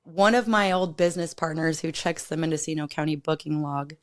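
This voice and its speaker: Woman from california on a podcast, fairly low voice, blunt and candid, swears, acts out what people said. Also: brisk. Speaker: podcast guest. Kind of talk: candid personal storytelling.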